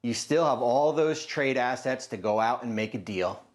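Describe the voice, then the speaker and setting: Measured male basketball analyst. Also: mid-range voice, lively intonation. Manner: measured, matter-of-fact argument with stats. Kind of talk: sports debate analysis.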